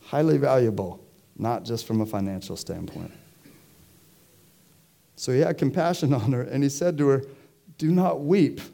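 A man's voice: medium pitch, expressive, normal speed, creaky, long pauses, mellow. A man preaching a sermon to his congregation in a conversational way, often putting questions to the listeners. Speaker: pastor. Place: church.

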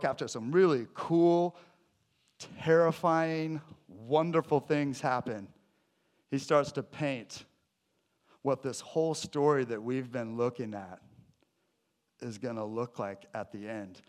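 A man preaching a sermon to a congregation, conversational and joking, swinging from loud emphatic lines to quiet, hushed ones. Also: medium pitch. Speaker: pastor. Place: church sanctuary.

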